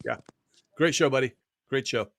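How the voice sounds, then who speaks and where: A man hosting an online live stream, chatting loosely with guests, laughing often and filling pauses. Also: mid-range voice, creaky, a bit bright, no echo. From United States. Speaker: host and author. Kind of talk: casual live stream chat.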